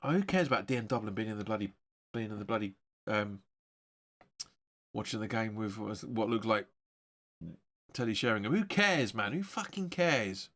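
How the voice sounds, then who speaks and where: A man hosting a football watch-along stream, giving excitable, sweary live match commentary. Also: lowish voice, normal speed, pauses often.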